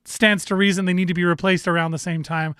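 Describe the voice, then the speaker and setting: A man's voice: high-pitched, flat delivery, fast, a bit bright, smooth, no echo, clean studio sound. A man hosting a casual sports talk show, rambling and self-correcting with easy laughs. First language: bilingual in French.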